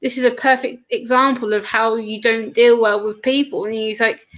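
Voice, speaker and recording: A woman chatting casually in a group conversation, telling animated stories full of quoted asides. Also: fairly high pitch, normal speed. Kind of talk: casual chat.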